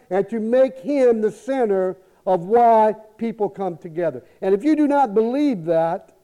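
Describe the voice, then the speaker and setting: A man's voice: very high-pitched, mellow. A man preaching a Sunday sermon to his congregation, emphatic and full of repeated rhetorical questions. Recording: tinny phone-like sound.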